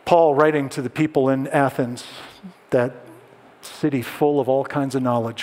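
A man preaching a sermon as a pastor, telling stories and dropping to soft, hushed tones to drive points home. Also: mid-range voice, steady tone, normal speed, big-room sound. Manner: storytelling, drops to soft hushed tones for emphasis.

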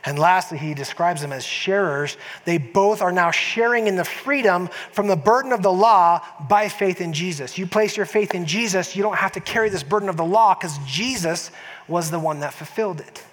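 With a high-pitched, fairly bright voice at normal speed, a man delivers a sermon as pastor in a church sanctuary. He talks conversationally, often restarting and throwing emphatic asides to the congregation, all under long church-hall reverb.

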